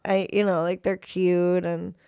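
A woman's voice: fairly low pitch, level tone, a little slow, gravelly, mellow, smooth, no room sound, clean studio sound. A young woman co-hosting a podcast, laid-back and giggly, talking casually with lots of fillers. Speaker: podcast co-host. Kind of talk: casual chat.

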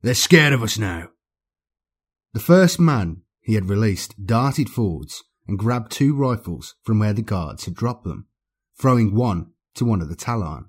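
Low, husky male audiobook narrator. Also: lively intonation, a little slow, a little mellow.

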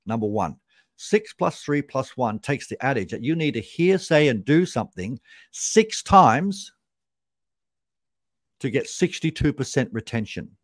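A man's voice: mid-range voice, sing-song, measured pace, no echo, studio quality. A man, a sales trainer explaining his method as a podcast guest, punchy and repeating key points for emphasis.

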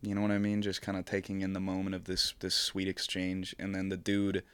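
A young man with a very low, deep voice tells a rambling story on a casual podcast. He swears freely, strings thoughts together with "like", and trails off mid-sentence before picking the thread back up. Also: completely flat delivery, brisk, a bit bright, clear, resonant tone. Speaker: podcast co-host telling a story.

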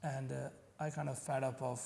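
A man from Pakistan, telling his personal faith story as an interview guest in earnest, halting English. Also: medium pitch, flat delivery, gravelly, mellow, long reverb tail, slight background noise. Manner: earnest, halting non-native English with restarts. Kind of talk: personal faith testimony in conversation.

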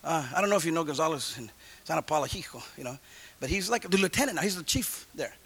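Man, preacher, sermon, bright edgy tone, gravelly, street slang testimony. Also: fairly high pitch, expressive, quick pace. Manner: street-slang storytelling, swings from loud preaching to hushed.

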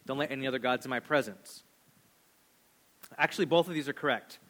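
A man in his thirties preaching a sermon, animated, swinging between loud emphasis and hushed, low asides. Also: a little fast. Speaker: pastor.

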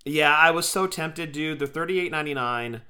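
A man's voice: a little high, normal speed, pushed and bright. A man co-hosting a podcast, chatting enthusiastically and casually, often calling his friend "dude". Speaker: podcast co-host. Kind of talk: casual chat.

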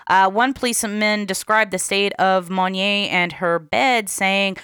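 A woman's voice: medium pitch, fairly even intonation, measured pace, a bit bright, clear, resonant tone, dry recording, clean studio sound. A woman co-hosting a true crime podcast, reading case details aloud and laughing easily. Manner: reads case notes, laughs often. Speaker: podcast co-host.

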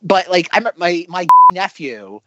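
A man in his thirties co-hosts a podcast, rambling through casual chat in a bright, high register that leaps up and down, at normal speed and piling on "like"s and other fillers. He stays animated, loose, and chatty throughout. The audio is dry and slightly dull, close and lo-fi, with no room sound.

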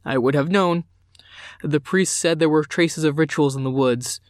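A man voicing a stern, anguished middle-aged father who speaks low, hollow and rumbling. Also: moderate pace, no room sound, studio quality, close to an everyday voice. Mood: grim anguish.

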